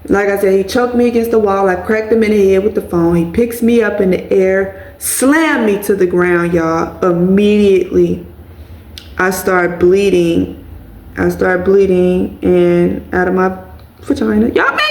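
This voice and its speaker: A woman's voice: on the low side, a little mellow, reverberant, rough recording. A woman telling a personal story to her viewers in a candid, blunt way, swearing freely and calling them y'all. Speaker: vlogger.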